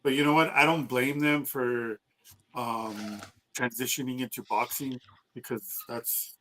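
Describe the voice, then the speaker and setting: A man's voice: medium pitch, steady tone, a little slow, bright, forceful tone, slight background noise, rough recording. Blunt, cursing man in casual chat. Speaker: podcast co-host.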